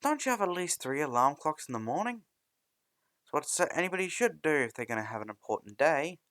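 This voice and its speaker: A man's voice: a little high, very animated, brisk, fairly bright tone, no room sound, pitched above the performer's own voice. A man voicing a stiff, rule-bound schoolboy who lectures a classmate, in a fan storybook reading. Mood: lecturing. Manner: prim, lecturing.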